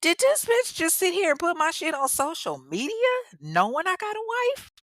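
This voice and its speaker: A woman's voice: extremely high pitch, huge pitch swings, normal speed, a bit bright, no room sound, clean studio sound, voice pushed up, full character voice. A woman voicing a brash cheating man who talks crude and indignant slang.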